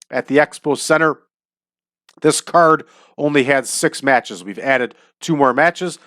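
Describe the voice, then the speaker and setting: A man's voice: mid-range voice, fairly bright tone, no echo, studio quality. A man hosting a casual let's-play of a wrestling booking game, upbeat and chatty, often breaking into laughter. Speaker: host.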